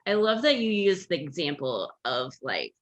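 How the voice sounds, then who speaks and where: A woman's voice: deep voice, very animated, moderate pace. A woman hosting a podcast, chatting in an upbeat, storytelling way. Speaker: podcast host. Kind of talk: casual chat. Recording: dull lo-fi sound.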